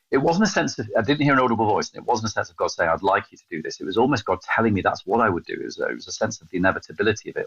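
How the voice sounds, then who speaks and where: A fast-talking English man in his fifties with a very low, husky voice tells stories as a podcast guest. He is animated and self-mocking. The sound is dry, a little dull and lo-fi. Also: no echo. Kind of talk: storytelling in a casual interview.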